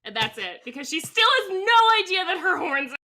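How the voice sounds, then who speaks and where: Bright, high playful woman player. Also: sing-song, brisk. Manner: playful, laughing. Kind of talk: tabletop role-play chat.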